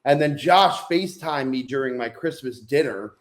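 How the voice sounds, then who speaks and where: A man's voice: mid-range voice, lively intonation, normal speed. Profane man telling a mishap story. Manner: profane, self-deprecating storytelling. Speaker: podcast co-host. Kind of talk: casual chat.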